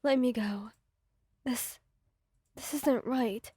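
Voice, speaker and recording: A woman voicing a frightened captive who pleads softly in a whispered role-play. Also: a little high, slow pace, breathy edge, no echo, clean studio sound. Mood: pleading.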